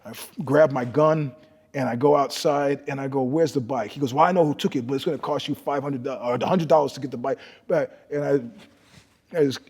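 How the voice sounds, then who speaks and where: Husky older New man spinning yarns. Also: medium pitch, brisk. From New York. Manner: animated, profane, swings from loud to hushed. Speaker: guest storyteller. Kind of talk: casual storytelling interview. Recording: long reverb in the room.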